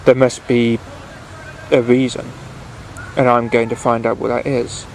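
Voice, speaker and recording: A man's voice: medium pitch, little pitch movement, measured pace, slight background noise, natural voice, poor audio. A man doing a curious, brave little traveller. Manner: inquisitive, gently coaxing.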